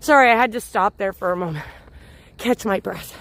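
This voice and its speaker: A woman's voice: medium pitch, a little fast, a bit bright. A woman hosting a livestreamed night walk outdoors in a city park, chatting casually and answering viewers by name as she walks with her phone. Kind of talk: casual live-stream chat, answering viewers.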